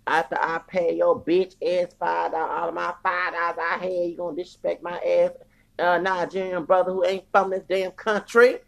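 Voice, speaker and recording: Gravelly ranting podcast host. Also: medium pitch, flat delivery, normal speed. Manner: heated, cursing, stumbling restarts, repeated "okay?". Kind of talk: heated profane rant.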